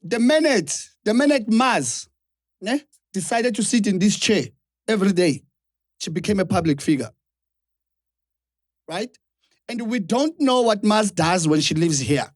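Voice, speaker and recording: A man's voice: high-pitched, no room sound, clean studio sound. A South African man co-hosting a live podcast Q&A, explaining at length, mixing English and Zulu and repeating himself. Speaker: podcast co-host.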